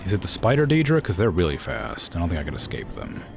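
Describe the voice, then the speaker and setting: Rambling young man with lively low voice. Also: quick pace, creaky. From Florida. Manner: rambling, filler-heavy, laughs often. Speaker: streamer. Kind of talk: casual gameplay stream chat.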